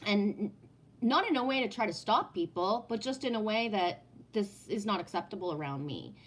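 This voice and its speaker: Brief: woman streamer at home without a headset, blunt and profane, mid-pitched, chatty. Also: expressive, normal speed. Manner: blunt and profane, keeps asking "right?". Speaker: live streamer. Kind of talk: casual live-stream talk, answering chat. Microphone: no headset, sound heard in the room.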